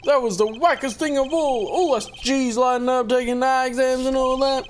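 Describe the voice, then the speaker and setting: A woman's voice: high-pitched, steady tone, normal speed, slight background noise, voice pushed up, lightly acted. A woman voicing a cocky young male street thug who is lovestruck, talking in slangy gangster swagger.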